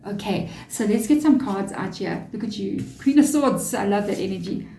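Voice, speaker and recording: A woman's voice: mid-range voice, moderate pace, mellow, echoey room, poor audio. A woman giving a chatty, earnest tarot reading to her viewers, with spiritual asides. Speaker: tarot reader.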